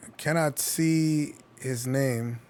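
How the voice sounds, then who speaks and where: A man's voice: mid-range voice, slow pace, a little mellow. A man streaming live basketball commentary, calling plays in a casual, chatty way with jokey asides. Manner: chatty, jokey asides between play calls. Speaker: streamer giving play-by-play commentary.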